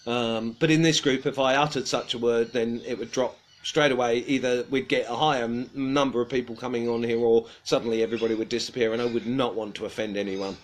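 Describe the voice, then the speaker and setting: A man's voice: mid-range voice, steady tone, brisk, few pauses. A man hosting a casual livestream outdoors. He tells a rambling, self-deprecating story and chuckles often. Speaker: livestream host.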